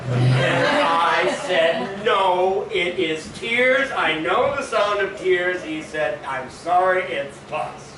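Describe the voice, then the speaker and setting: An actor playing Faust, a weary, volatile scholar who swings from hushed brooding to shouting outbursts in a live stage monologue. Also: male voice, fairly high pitch, lightly acted. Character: weary, volatile male scholar, driven and bitter. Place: small live performance venue. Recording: roomy, distant mic, ambient noise.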